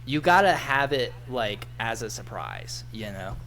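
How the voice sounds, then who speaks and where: A man's voice: medium pitch, sing-song, a little slow, fairly bright tone, slight background noise. A man co-hosting a podcast, rambling and teasing his friends in casual chat. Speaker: podcast co-host.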